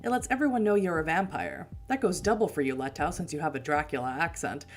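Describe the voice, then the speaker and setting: A woman's voice: low voice, big pitch swings, quick pace. Woman reading as a cocky vampire techie. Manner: brash, casual, cocky. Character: cocky male tech specialist vampire.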